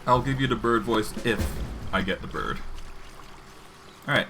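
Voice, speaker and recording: A man's voice: on the low side, animated, unhurried, sharp tone, faint music behind. A man streaming a narrative game, chatting casually and laughing often as he reads and comments.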